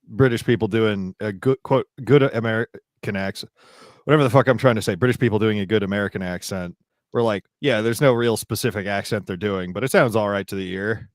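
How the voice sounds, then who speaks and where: Man, low voice, wry deadpan humor, dry close mic. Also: brisk, no room sound. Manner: wry, deadpan jokes, loses his train of thought. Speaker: podcast co-host. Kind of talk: casual livestream chat.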